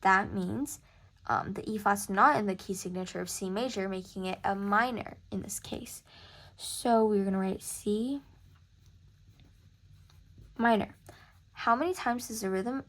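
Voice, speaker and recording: A woman's voice: medium pitch, measured pace, pauses often, a bit bright. A woman tutoring music theory in a casual lesson, chatty and thinking aloud as she corrects herself. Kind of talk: casual screen-recorded lesson.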